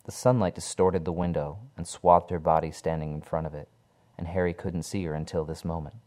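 A man reading a horror story aloud in a dark, measured storytelling manner. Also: low-pitched, flat delivery. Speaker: narrator.

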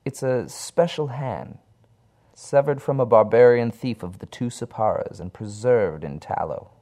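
A man voicing a sinister featureless entity who speaks with smooth, measured menace. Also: mid-range voice, mellow, voice pushed up, natural voice. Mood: menacing.

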